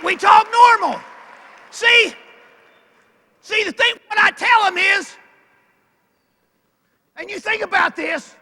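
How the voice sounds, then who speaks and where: An older man from Arkansas with a Southern accent, giving a folksy, emphatic motivational speech at a banquet and calling out his key lines loudly. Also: extremely high pitch. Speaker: keynote speaker. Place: large banquet hall. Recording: echoey banquet hall with long reverb.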